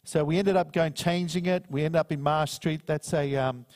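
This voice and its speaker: Preacher in a reverberant hall. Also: male voice, on the high side, fairly even intonation, a little mellow. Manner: earnest, slows down to read scripture. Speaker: minister. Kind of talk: sermon with personal story.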